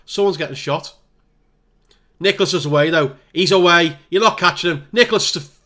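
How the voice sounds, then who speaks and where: A man giving exasperated, animated play-by-play while playing a football management game. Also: a little high. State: hay fever. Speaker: gaming YouTuber. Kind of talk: live game commentary.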